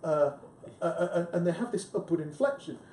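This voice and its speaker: Male panelist, chatty and emphatic, faint rumble behind. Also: animated, a little fast, dark tone. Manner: chatty, emphatic, frequent restarts. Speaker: book club panelist. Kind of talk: casual discussion. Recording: echoey room with faint rumble.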